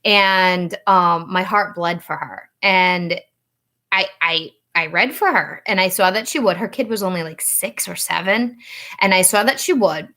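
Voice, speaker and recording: A woman tells a story straight to camera in a casual, chatty way. Her voice is bright and clear, and it rises high whenever she acts out the things people said. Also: unhurried. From Rhode Island. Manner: animated, acts out quoted dialogue with rising pitch. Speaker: psychic reader and channel host.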